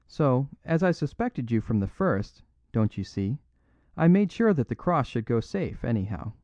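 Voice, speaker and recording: A man's voice: medium pitch, sing-song, moderate pace, dry recording, pitched above the performer's own voice. Male narrator doing a meek little priest, lilting and apologetic, dry dull recording. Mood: mild apologetic. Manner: simple, unaffected, gently apologetic. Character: mild, modest little English priest, apologetic.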